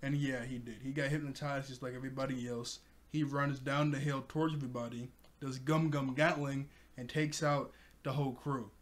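A man's voice: medium pitch, flat delivery, a little fast. A man casually recapping an anime episode for his review channel, chatty and rambling, laughing often.

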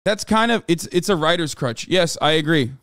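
A man streaming live, ranting casually to his chat, animated and exasperated, with heavy swearing. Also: a little high, moderate pace, smooth, no room sound, clean studio sound.

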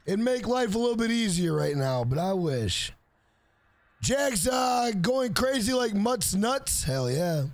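A man streaming a game live, loud and profane, joking around, greeting viewers by name and breaking into shouted rhyming bits. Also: high voice, very animated, a little slow, no echo.

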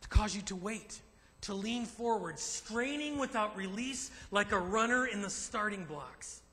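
A man pastor preaching a sermon to a men's group, emphatic and animated, slipping into acted asides. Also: high voice, unhurried. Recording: long reverb in a large hall.

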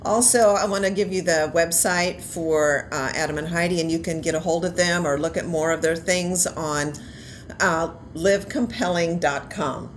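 A woman's voice: fairly low pitch, fairly even intonation, moderate pace, slight background noise. A woman hosting a church podcast, wrapping up the episode in a thankful, friendly way. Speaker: podcast host.

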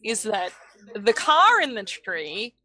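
A woman's voice: medium pitch, big pitch swings, slow pace, bright, forceful tone. A woman playing a tabletop game, thinking aloud with a hesitant manner. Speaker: player. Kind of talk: casual tabletop play.

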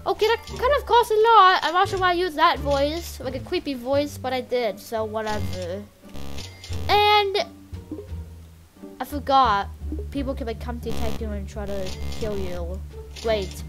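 A woman casually commenting while playing a game, rambling and excitable with lots of filler words. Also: a little high, measured pace, long pauses, faint music behind. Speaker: gameplay channel host.

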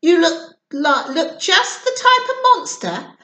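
A woman voicing a huge, mean male orc in a children's storybook, slow and gloating as he plans to eat a monster. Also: very high voice, sing-song, sharp tone, exaggerated voice. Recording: roomy echo.

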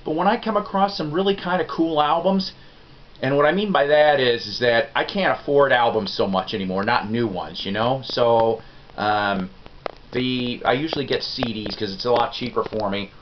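A man's voice: medium pitch, a little hiss or hum. A middle-aged man hosting a music review vlog, chatting in a folksy, rambling, self-deprecating way straight to his viewers. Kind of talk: casual rambling review chat. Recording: dull lo-fi sound.

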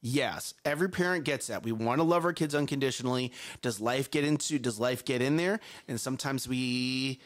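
A man's voice: medium pitch, fairly quick, hardly any pauses. A man co-hosting a parenting talk show, telling stories with lots of repeated phrases. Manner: animated storyteller, repeats phrases. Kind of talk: casual chat.

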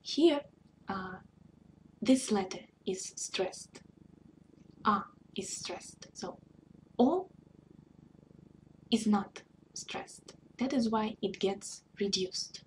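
A woman tutor teaching a beginner language lesson, reading each example word aloud twice in a slow, deliberate way. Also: medium pitch, a little hiss or hum.

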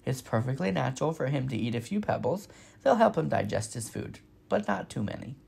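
A man voicing a brisk, motherly old female goose in a storybook reading, kindly instructing and bossy. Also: medium pitch, lively intonation, vocal fry, a little mellow, breathy edge, exaggerated voice. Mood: amused. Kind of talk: storybook read-aloud.

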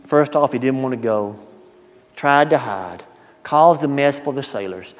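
A man preaching a sermon, telling a story in a folksy, animated way that swings from hushed asides to loud, emphatic quotes. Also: mid-range voice, normal speed, pauses often. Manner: folksy, repeats words at the start of phrases. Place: church sanctuary. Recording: long church-hall reverb.

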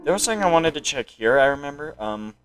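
A man playing a card game on his channel and thinking out loud, with sudden excited outbursts between calm remarks. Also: on the high side, fast, music in the background, poor audio. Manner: excitable reactions and self-talk. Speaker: gaming channel host. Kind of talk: let's play commentary.

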